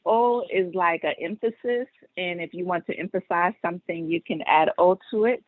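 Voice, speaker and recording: A woman's voice: fairly low pitch, moderate pace. A woman student joining an online class from her phone, answering hesitantly and apologetically. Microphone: phone on a video call. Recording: dry tinny phone line.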